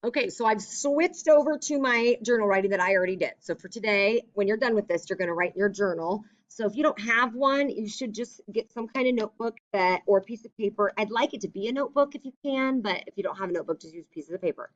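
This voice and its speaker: A woman's voice: medium pitch, fast talker, hardly any pauses, lo-fi sound. Upbeat woman teaching young kids. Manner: patient, upbeat, explaining step by step. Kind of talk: remote classroom lesson for young children.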